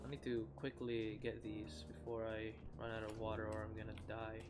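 A man's voice: on the low side, completely flat delivery, moderate pace, over music. A tired man giving rambling gameplay commentary, often restarting his sentences and swearing casually. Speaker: gamer.

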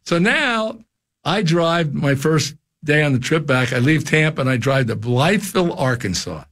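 An older man chats in a radio studio, telling stories with lots of restarts. His voice sits a bit high and climbs sharply when he acts out other people yelling. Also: moderate pace. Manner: animated storyteller, jumps high for quoted shouts. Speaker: radio show guest and former coach. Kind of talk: casual storytelling chat.

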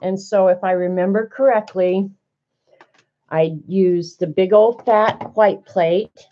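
A woman's voice: medium pitch, fairly even intonation, slow, highs cut off. Flustered woman talking through a craft project. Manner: chatty, flustered, thinking aloud. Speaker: crafter demonstrating a die-cutting machine. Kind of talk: casual craft demonstration to viewers.

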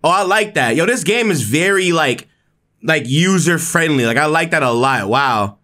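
A young man giving excited, slangy commentary while playing a video game, jumping up in pitch when he reacts. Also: normal speed. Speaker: gaming video creator. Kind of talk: excited let's-play commentary.

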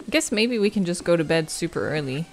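A woman who makes gaming videos gives casual commentary while she plays, chatting to herself, musing aloud, humming, and giggling. Her voice is lowish with lively intonation and a quick pace, over slight background noise.

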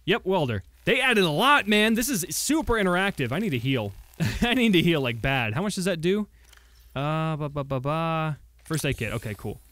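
Young guy doing let's play commentary, kinda high voice, super excitable and swears a lot. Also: fairly quick. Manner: excitable, bursts into shouts of surprise, swears freely. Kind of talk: gameplay commentary.

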